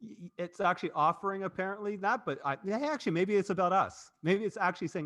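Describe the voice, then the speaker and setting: A man's voice: high-pitched, quick pace, few pauses, a bit bright. A man hosting a casual marketing livestream, rambling and cutting himself off, laughing easily. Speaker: host and agency president.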